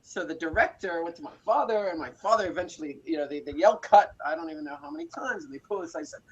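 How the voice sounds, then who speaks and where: A man's voice: on the high side, very animated, fast talker, few pauses, husky. A man in his forties from South Africa, telling his story as an interview guest with many fillers and restarts. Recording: slightly muffled audio.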